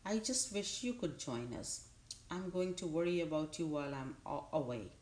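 Woman voicing a young gosling, eager and higher. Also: animated, moderate pace, darkish tone. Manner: eager, affectionate. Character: young male gosling, earnest and tender. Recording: roomy echo.

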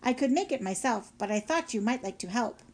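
A woman voicing a calm, kind female robot who speaks in a measured, precise way. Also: a little high.

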